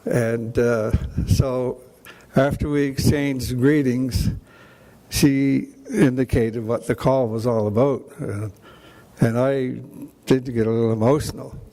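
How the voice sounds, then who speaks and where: Slow, halting older man giving a speech. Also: mid-range voice, steady tone, dark tone. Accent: Canadian. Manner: halting, emotional, many restarts. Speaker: hall of fame inductee. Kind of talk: acceptance speech. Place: banquet hall.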